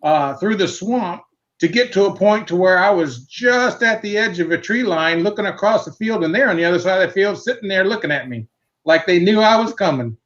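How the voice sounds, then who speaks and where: Round table guest, man, high-pitched, casual and unhurried, muffled lo-fi sound. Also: animated, fairly bright tone. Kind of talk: casual personal account.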